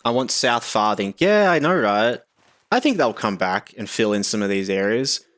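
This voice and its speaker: A man's voice: lowish voice, expressive, normal speed, fairly bright tone. A young Australian man chatting casually with viewers during a live game stream, reading chat aloud with lots of fillers.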